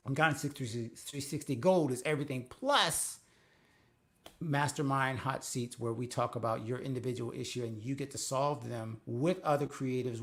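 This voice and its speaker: A man's voice: mid-range voice, a bit bright. A man hosting a faith-based coaching live stream, talking earnestly and conversationally, rambling with restarts. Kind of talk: casual live-stream talk.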